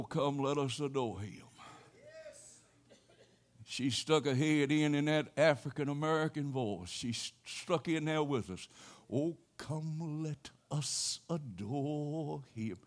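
An older man preaching a sermon, telling a personal story in a folksy way with sudden loud exclamations. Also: mid-range voice, measured pace. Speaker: pastor.

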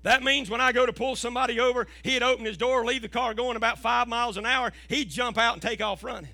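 A middle-aged man, preaching an impassioned sermon as a pastor and rising to shouts. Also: very high-pitched, steady tone, quick pace, gravelly, dry recording, soft background music.

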